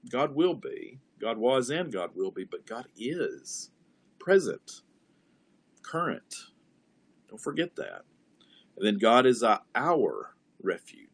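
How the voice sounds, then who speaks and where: A man leading an online Bible study, reflective and conversational, repeating key words slowly to stress them. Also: on the low side, breathy edge. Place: church streaming an online service.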